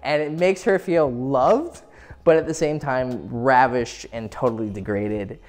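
A man coaching in a loose, crude, casual way, swearing freely and breaking into laughter. His pitch sits in the ordinary middle range for a man. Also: measured pace, darkish tone. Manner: crude, profane, laughs often. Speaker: dating coach. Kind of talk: casual instructional talk.

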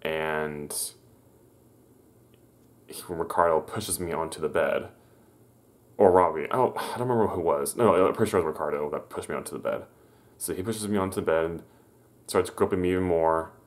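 A man telling a personal story to his viewers, halting, stammering and correcting himself as he goes. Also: low-pitched. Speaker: vlogger.

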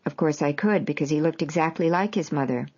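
A woman with a very low voice narrates her memoir in a measured, even way. The audio is dull and lo-fi, with little top end. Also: slightly rough.

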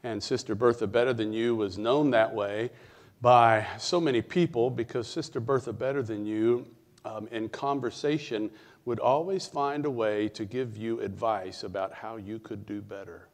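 A middle-aged male pastor preaching a sermon, telling stories in a conversational way with fillers and pauses. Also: fairly low pitch.

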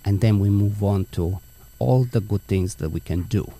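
Gravelly low-voiced man hosting a podcast. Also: moderate pace, dark tone. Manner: earnest, explains with everyday analogies. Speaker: podcast host, dog trainer. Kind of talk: conversational interview.

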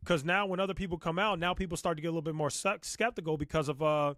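A man's voice: on the high side, fairly even intonation, quick pace, a bit bright, no room sound. A man giving blunt, mocking reaction commentary on a live stream. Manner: blunt, mocking, quotes others in a sneering tone.

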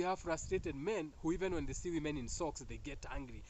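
A man's voice: fairly high pitch, brisk, few pauses, a little mellow, a little hiss or hum, low-quality recording. A man with a Kenyan accent giving a casual spiritual monologue, joking and laughing often between teasing and preachy asides. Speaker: spiritual talk host.

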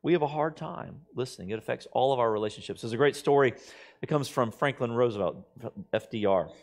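A man's voice: medium pitch, a little fast. A middle-aged man preaching a sermon as pastor, talking conversationally and telling stories, sometimes acting out other people's lines. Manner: conversational storytelling, quoting others in shifting voices.

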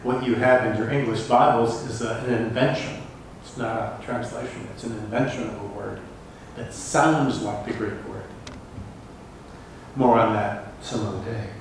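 A male pastor delivers a sermon in a middle-pitched voice, his reading of scripture swelling into dramatic rises. He is picked up from a distance, so his words bounce around a very echoey church sanctuary. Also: fairly even intonation, moderate pace, a little hiss or hum. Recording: echoey church hall from far off.

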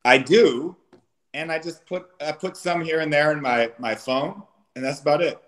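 A man, a yoga instructor, chatting as a guest in a relaxed, easygoing way. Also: on the high side, moderate pace. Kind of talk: casual interview chat.

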